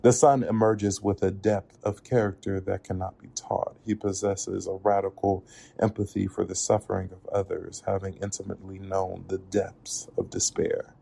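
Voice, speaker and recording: A man narrating a reflective spoken essay in a measured, earnest way. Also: low voice, little pitch movement, gravelly, mellow, husky. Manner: measured, earnest, with occasional laughs at slips.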